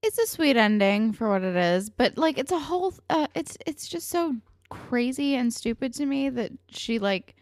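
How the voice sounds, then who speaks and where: A woman's voice: on the high side, lively intonation, moderate pace, dry recording, clean studio sound. A young woman co-hosting a casual podcast, blunt and exasperated, swearing freely as she vents. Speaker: podcast co-host. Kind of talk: casual chat.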